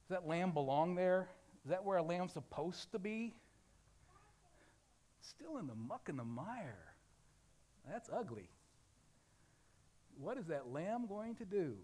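A man's voice: high-pitched, big pitch swings, slow pace, long pauses. Dynamic preaching man from the Ozarks. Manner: dynamic preaching, swings from loud to hushed; asks rhetorical questions, acts out a crying baby. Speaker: pastor. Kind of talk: sermon.

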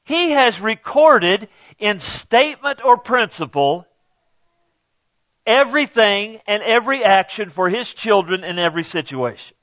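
A middle-aged male pastor preaches in a high voice, taking his time and tossing in "okay?" to keep the congregation with him. The sound is dry and close, with no room around it. The recording is dull and lo-fi. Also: expressive, a little slow, fairly bright tone, no echo. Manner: conversational preaching, punctuated with "okay?". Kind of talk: sermon.

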